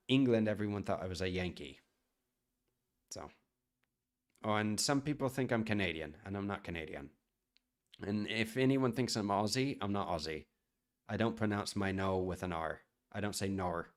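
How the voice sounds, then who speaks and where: Man, from the US, chef streamer, casual chat, rambling, fairly low voice. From United States. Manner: chatty, rambling, answers viewer chat.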